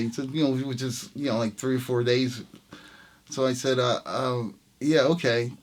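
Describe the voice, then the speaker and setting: A man's voice: mid-range voice, expressive, unhurried. Laughing man telling a story. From New York City. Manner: laughing, reenacts quotes with voices. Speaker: jazz trumpet player, interview guest. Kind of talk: casual storytelling interview.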